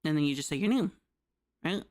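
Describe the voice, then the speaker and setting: A woman's voice: deep voice, animated, brisk. A woman streamer giving a casual livestreamed Japanese lesson, chatty and loose, with lots of fillers and a habitual "right?". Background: soft background music.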